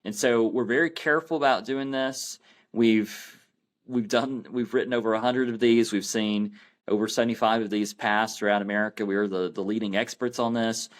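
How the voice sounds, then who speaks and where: A man's voice: lowish voice, steady tone, moderate pace. A man as a podcast guest, explaining earnestly and often restarting his sentences. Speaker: guest, anti-abortion campaign founder. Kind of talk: podcast interview.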